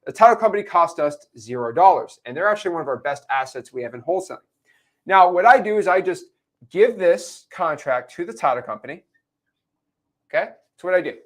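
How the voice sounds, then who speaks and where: A young man gives an animated real estate lesson, constantly checking that his listeners follow. His voice sits a bit high and swings widely in pitch. He breaks into put-on character voices as he explains. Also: brisk. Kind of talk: whiteboard lesson.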